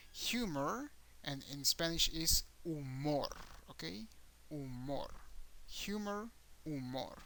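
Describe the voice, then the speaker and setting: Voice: mid-range voice, pushed and bright, rough recording. A Spanish teacher giving an online lesson, patiently repeating each example word and stressing syllables to show pronunciation.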